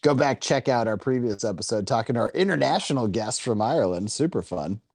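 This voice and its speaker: A man co-hosting a casual podcast, teasing the others and quick to joke. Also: medium pitch, lively intonation, darkish tone, no room sound, clean studio sound. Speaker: podcast co-host.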